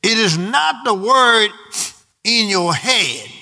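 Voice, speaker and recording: Casting: male preacher, high bright voice, emphatic, call-and-response delivery. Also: animated, slow. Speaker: pastor. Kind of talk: sermon.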